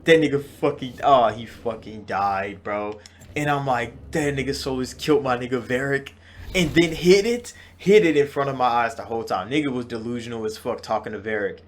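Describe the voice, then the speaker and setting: A young man hosting a gaming channel, talking excitedly in a casual game reaction, cursing freely and swinging between loud outbursts and slow, drawn-out stresses. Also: mid-range voice, a little hiss or hum.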